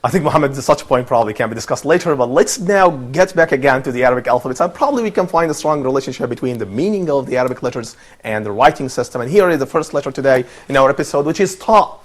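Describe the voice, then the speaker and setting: A man's voice: medium pitch, animated, fast, hardly any pauses. A man presenting a TV lesson, patiently explaining letters step by step and repeating sounds for others to copy. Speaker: TV presenter and Arabic teacher. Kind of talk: teaching pronunciation on a TV panel.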